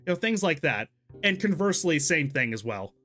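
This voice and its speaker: A young man with a high voice whose pitch swings widely as he chats during a live game stream. He laughs often and breaks into startled exclamations, loose and conversational. Faint music plays behind him. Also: big pitch swings, a little fast, bright, forceful tone. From Texas, USA. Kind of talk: casual live-stream commentary while gaming and reading chat.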